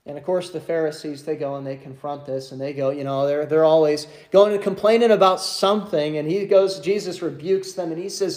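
A male pastor preaching a sermon, reading scripture and then retelling it in a lively way with many restarts. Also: on the high side, quick pace, few pauses.

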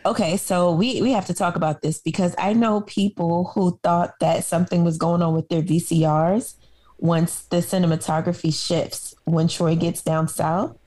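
Woman co-host, casual podcast chat, opinionated, mellow lowish voice. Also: steady tone, normal speed. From Harlem, New York. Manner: conversational, opinionated, laughs easily.

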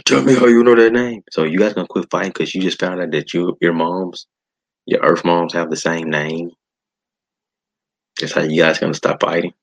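A man's voice: low-pitched, flat delivery, normal speed, gravelly, pauses often, fairly bright tone, husky, rough recording. A man hosting a podcast, ranting in a casual, exasperated way with sighs and restarts. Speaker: podcast host. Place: home setup.

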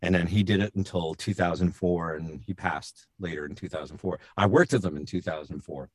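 A middle-aged man, a voice actor guest on a show, telling animated stories in casual chat and slipping into quick impressions. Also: deep voice, no echo, studio quality.

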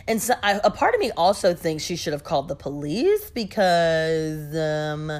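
A young woman telling a story in a casual, gossipy way and reacting with expressive disbelief. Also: sits low, normal speed.

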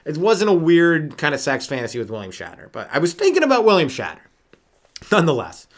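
Male stand-up host, slightly high voice, loose riffing delivery, very lively intonation. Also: fast talker. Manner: rambling, riffing, lots of fillers and sudden voice jumps. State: sleep-deprived. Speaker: stand-up comedian and podcast host. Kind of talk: solo comedy podcast rant.

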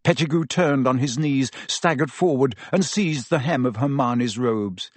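A man reading a story aloud as narrator, in an expressive and dramatic style. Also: mid-range voice, unhurried, hardly any pauses, no echo. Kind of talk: audiobook narration.

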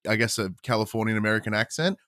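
A man with an Australian accent, a guest on a gaming podcast, talking in an animated, rambling way with many fillers. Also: fairly low pitch, racing, no echo, studio quality. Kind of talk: casual podcast chat.

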